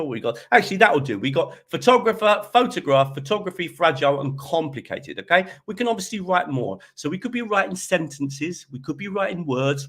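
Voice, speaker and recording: A teacher trainer presents a webinar while sharing his screen, his fairly high voice sounding rather bright. He keeps things chatty, regularly checking in with "okay?"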